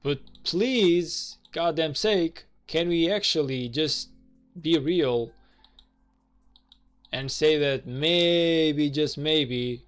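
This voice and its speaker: A man streams a strategy game, talking in loose, exasperated rants packed with fillers and the odd curse. His voice sits a little high for a man. Faint music plays behind him. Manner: exasperated, rambling, swears, many fillers. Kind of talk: casual gameplay commentary.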